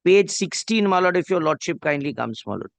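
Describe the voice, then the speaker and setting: A man's voice: on the high side, lively intonation, quick pace, gravelly, no room sound. A man with a Bengali-accented Indian English voice arguing a case before a judge, deferentially reading clauses aloud. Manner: deferential, says "my lord" constantly, reads clauses aloud. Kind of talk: courtroom legal argument. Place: courtroom.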